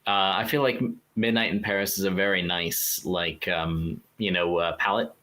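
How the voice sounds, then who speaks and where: A man's voice: sits low, fairly even intonation, normal speed, bright, forceful tone. A man co-hosting a podcast in casual chat, rambling loosely and laughing often. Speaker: podcast co-host.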